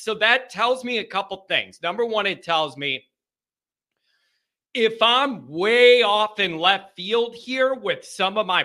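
A man's voice: high-pitched, sharp tone. A man hosting a live fan call-in show, talking in a rambling, jokey, self-mocking way. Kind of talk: casual live-stream chat.

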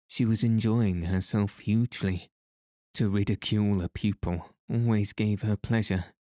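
A man reading a novel aloud as narrator, in a measured, expressive storytelling manner. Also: low voice, dry recording, studio quality. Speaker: audiobook narrator. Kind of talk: scripted narration.

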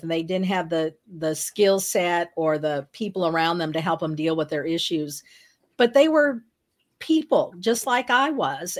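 A middle-aged woman author recounting her experiences as a podcast guest. She tells the story in an earnest, reflective way, at a medium pitch.

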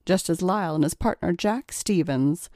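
A woman narrating an erotic story in a calm, measured storytelling manner. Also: lowish voice, dry recording, clean studio sound.

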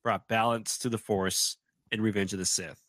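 A man with a bright, forceful voice chatting casually as a co-host. He tells his anecdotes in a lively way and acts out what others said. The recording is dry and close. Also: fairly low pitch, moderate pace, no room sound. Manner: animated anecdote telling with acted-out quotes. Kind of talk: casual storytelling chat.

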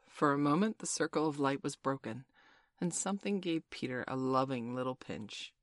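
A woman narrating a storybook in a measured, expressive reading. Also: rumbling low, no echo, clean studio sound. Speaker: audiobook narrator.

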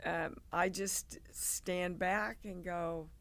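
Older woman telling stories with a gravelly voice. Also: lowish voice, drawn-out words. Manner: animated storyteller, acts out quoted voices. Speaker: guest actress. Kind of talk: casual interview storytelling.

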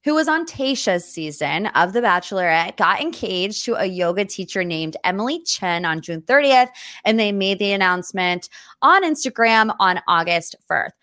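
A woman in her late twenties from the United States hosts a podcast from her studio office, talking in a chatty, gushing way with quick asides. Her voice sits at an ordinary middle pitch. The sound is dry and close. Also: lively intonation, pushed and bright, dry recording. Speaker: podcast host. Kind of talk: casual chat.

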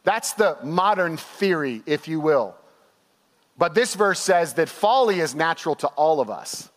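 A young male pastor preaching to his church in a fairly high voice, with long reverb ringing through the hall. He tells stories animatedly and acts out the quotes. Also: unhurried. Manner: animated storytelling with laughs and acted-out quotes. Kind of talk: sermon.

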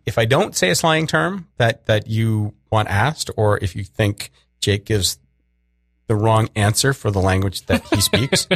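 A man's voice: fairly low pitch, measured pace, dry recording, clean studio sound. A man hosting a casual interview, asking teasing questions in a playful way. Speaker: interviewer, host.

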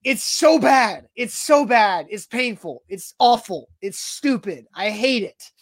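A man's voice: sits high, animated, takes it slowly. Exasperated male sports talk co-host. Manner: emphatic, exasperated, repetitive. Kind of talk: casual ranting chat.

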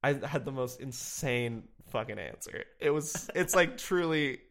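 A young man telling a story on a podcast in an everyday voice of middle pitch. He rambles, laughs at himself often and fills his talk with ums and likes. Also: animated, a little slow, gravelly, a bit bright. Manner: rambling, self-deprecating, laughs often, many fillers. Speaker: podcast guest. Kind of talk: casual chat.

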